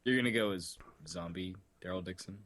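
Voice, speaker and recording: A man's voice: deep voice, brisk, fairly bright tone. A man co-hosting a podcast, trading crude wisecracks in casual chat. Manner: wisecracking, profane. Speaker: podcast co-host.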